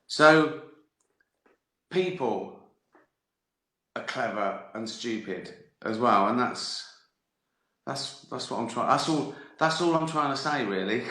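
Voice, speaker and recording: Bright-voiced man, rambling jokes. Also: mid-range voice, lively intonation, slow pace, pauses often, roomy sound. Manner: rambling, jokey, swears freely, laughs at his own jokes. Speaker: comedian answering viewers on a livestream. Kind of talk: casual livestream chat.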